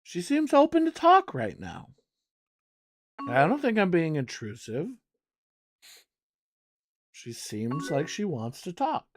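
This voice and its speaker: Slow, wry male streamer. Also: fairly high pitch, wildly swooping pitch, slight background noise. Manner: casual, wry, swears, thinks aloud. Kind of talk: live game commentary.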